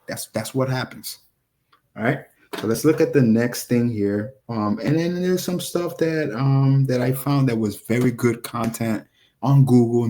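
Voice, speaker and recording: Animated man preaching to his viewers. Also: medium pitch. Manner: animated, rambling, addresses viewers directly. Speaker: religious video preacher. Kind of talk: casual scripture commentary to viewers.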